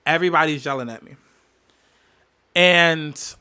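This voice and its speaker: A man with a bright, forceful voice pitched a little high tells a personal story on his podcast. He hammers his points home by repeating key phrases, and he swears freely as he goes. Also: a little slow, clean tone. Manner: emphatic, repeats phrases for weight, heavy swearing. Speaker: podcast host. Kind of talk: candid storytelling monologue.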